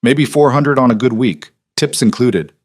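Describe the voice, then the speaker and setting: A man voices a frightened young waitress, stammering through flustered apologies in a mid-range voice pitched above his own yet close to everyday speech. He speaks at a moderate pace, and the studio-quality recording has no echo.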